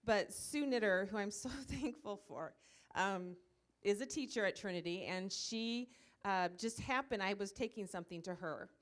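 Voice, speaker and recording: Woman, church ministry leader, informal storyteller, lots of fillers, medium pitch. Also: moderate pace. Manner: chatty storytelling with many fillers. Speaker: church ministry leader presenting a comfort dog. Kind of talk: informal presentation to a church group. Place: church meeting room, live audience.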